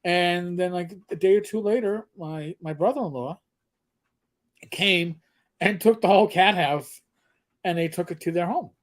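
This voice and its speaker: A man co-hosting a casual livestream chat, an animated storyteller who often restarts his sentences and reads viewer comments aloud. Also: sits high, measured pace. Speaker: livestream co-host.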